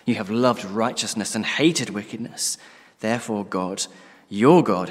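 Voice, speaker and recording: A man preaching a sermon, earnest and emphatic, often trailing off to a hushed tone at the ends of phrases. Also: on the low side. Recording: long reverb of a large hall.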